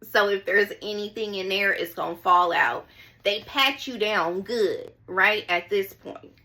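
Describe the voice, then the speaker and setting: A young woman tells her viewers a personal story in a casual, chatty way. Her voice is bright and forceful at an ordinary middle pitch. She leans into the drama, repeats phrases for emphasis and keeps calling her listeners y'all. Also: unhurried. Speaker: storytime vlogger.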